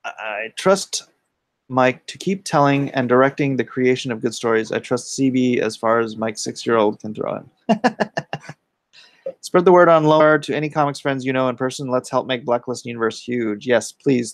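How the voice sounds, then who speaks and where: A man with a gravelly, creaky voice hosts a relaxed livestream, reading chat questions aloud and answering offhandedly. He mutters quiet asides while fiddling with his setup, and the sound is close and dry. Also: medium pitch, moderate pace, no echo. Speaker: comic artist hosting a livestream.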